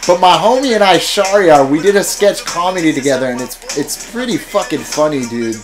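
A young man in casual gaming chat, his voice sitting a bit high for a man. He talks slangy and profane, calling everyone dude, with faint music playing underneath. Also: expressive, brisk, poor audio. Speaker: streamer.

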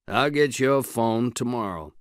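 A man's voice: mid-range voice, expressive, moderate pace, clean tone, no room sound, clean studio sound, natural voice. A man voicing a serious, blunt male lawyer who mentors a newcomer, speaking in short, curt lines.

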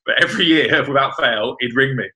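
A man's voice: mid-range voice, fairly quick, pushed and bright, low-quality recording. A man reminiscing about a former teammate in an interview, chatty and full of "you know" fillers.

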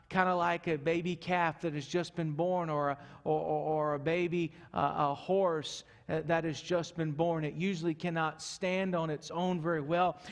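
A male pastor preaching a sermon earnestly, moving from loud urgency to soft, hushed passages. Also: on the high side, creaky. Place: church sanctuary. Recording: echoey church hall.

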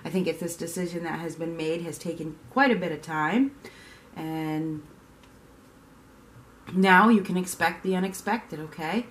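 A tarot reader gives a casual reading in a lowish, steady voice at a measured pace, pausing often, with a little hiss or hum. She's chatty and repeats herself, sometimes acting out the reactions she describes.

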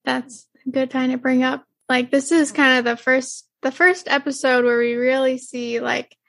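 A woman's voice: high voice, level tone, normal speed, vocal fry, a bit bright, no echo. A woman co-hosting a podcast in casual chat, rambling with many fillers and restarts and laughing often. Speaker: podcast co-host. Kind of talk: casual chat about an anime.

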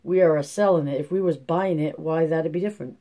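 A small, sly store clerk as a man reads him aloud talks in a glib, giggly drawl. His voice is mellow with a quick, slippery edge. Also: on the high side, natural voice.

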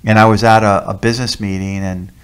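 A man with a fairly low voice gives a sermon as a deacon. He tells miracle testimonies in a lively, emphatic way and hammers home key phrases by repeating them. His delivery sounds like a personal story shared from the pulpit. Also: brisk, clean tone. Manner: animated storyteller, emphatic repetition.

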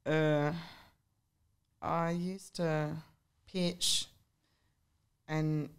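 A woman's voice: low voice, little pitch movement, extremely slow, clean tone. A woman, chatting as a podcast guest and telling stories with lots of "like" and "um". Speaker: podcast guest, fitness competitor. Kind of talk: casual chat.

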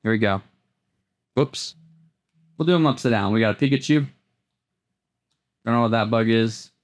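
A man at an everyday middle pitch chats through a card pack opening, naming each card as it turns up. He stumbles and repeats himself and then breaks into sudden excited highs. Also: moderate pace, a little hiss or hum. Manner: chatty, repeats words, jumps into excited highs. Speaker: host opening trading card packs. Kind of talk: casual unboxing commentary.

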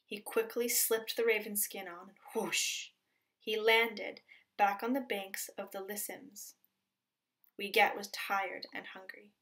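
Reading a storybook to her listeners, this Pacific Northwest coast teacher is tender and expressive, occasionally sinking to a hushed whisper. She speaks slowly at a medium pitch.

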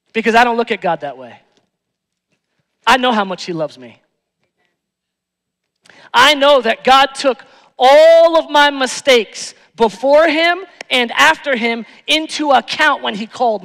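A male pastor preaching a sermon, moving between hushed, tender lines and loud, emphatic ones. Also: very high voice, long reverb tail. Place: church sanctuary.

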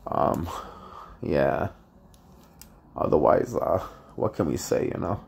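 A man with a very low voice is vlogging to his viewers, plainly upset and frustrated. He rambles and halts, filling gaps with "you know" and "uh" and restarting his thoughts. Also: expressive, gravelly, darkish tone, breathy edge. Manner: halting, many fillers and restarts. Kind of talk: casual vlog monologue.

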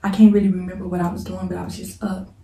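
A woman telling a painful personal story in a halting way, holding back tears, repeating herself and pausing to pray. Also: fairly low pitch, little pitch movement, dark tone. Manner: halting, repeats "like", prays between passages. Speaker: storyteller vlogger. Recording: roomy, echoey room mic set at a distance.

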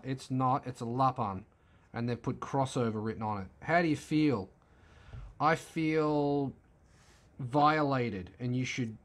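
A man hosting a car channel, giving laid-back, wry, opinionated commentary as he flips through a magazine. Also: medium pitch.

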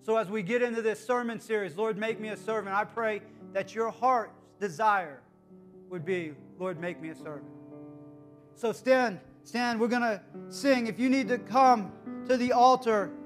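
A man with a high-pitched voice delivers a sermon as pastor. He talks earnestly, shifting from quiet, close moments to emphatic calls. Soft music plays faintly behind him. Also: normal speed. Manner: earnest, swings from hushed to emphatic.

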